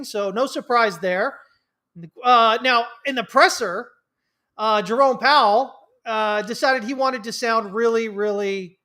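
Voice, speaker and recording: High-voiced man hosting a trading livestream. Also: pushed and bright. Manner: rambling, many fillers and restarts. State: stuffy with allergies. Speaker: livestream host, trading mentor. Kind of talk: casual livestream market commentary.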